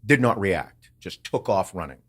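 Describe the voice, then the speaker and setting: A man hosting a podcast, telling a story in a casual, animated way, swearing often and acting out what others said. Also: sits low, normal speed, breathy edge. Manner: animated, swears a lot, acts out quotes. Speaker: podcast host.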